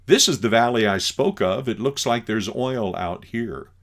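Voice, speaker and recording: A man voicing a condescending male government official, brisk and patronizing. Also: mid-range voice, fairly bright tone.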